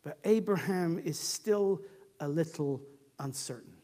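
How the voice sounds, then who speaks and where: A man with a notably high voice preaches in a relaxed, conversational way. He retells scripture like a story told to friends. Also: a little slow. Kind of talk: sermon.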